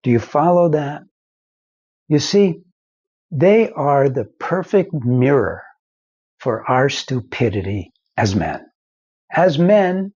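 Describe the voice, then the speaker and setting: Older man, husky voice, slow unhurried pace, folksy marriage advice, lo-fi recording. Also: on the high side, darkish tone. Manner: slow, folksy storytelling with acted-out quotes. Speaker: marriage counselor and foundation founder. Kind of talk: advice monologue to camera.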